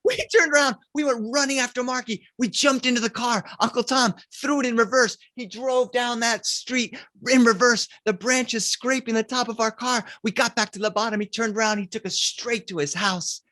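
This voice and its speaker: A man telling a spooky story for children, animated, swinging between loud cries and hushed lines. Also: very high-pitched, moderate pace, hardly any pauses, no room sound, clean studio sound.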